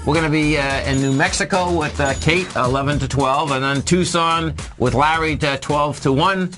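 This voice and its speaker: A man's voice: a little high, fairly bright tone, soft background music. A man co-hosting a market show, taking callers and talking through charts in an upbeat, chummy way. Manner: upbeat, chummy, quick chatter. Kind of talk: casual chart talk taking calls.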